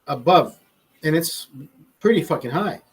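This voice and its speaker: A man with a husky, slightly higher-pitched voice chats casually from a studio, swearing freely. He wanders through his stories with frequent restarts and asides, unhurried and informal. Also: lively intonation, rough recording. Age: adult, father. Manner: profane, restarts often, storytelling. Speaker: show host. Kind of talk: casual rambling chat.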